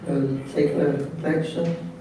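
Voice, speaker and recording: A man giving a devotional sermon as a slow story, often clearing his throat and repeating words, recorded from a distance in a very echoey hall. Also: fairly high pitch, fairly even intonation. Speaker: speaker telling a devotional story. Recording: very echoey hall, distant mic, faint noise.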